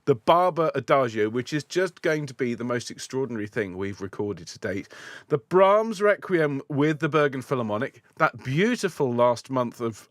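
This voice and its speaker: A man's voice: mid-range voice, no room sound, studio quality. A man, a choir's musical director, chatting playfully and enthusiastically to viewers of a live online rehearsal.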